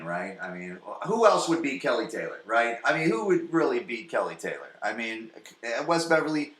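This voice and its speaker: Male podcast host, excitable profane recapper, bright tone, echoey room. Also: medium pitch. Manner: profane, excitable, swings loud and soft. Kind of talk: casual episode recap.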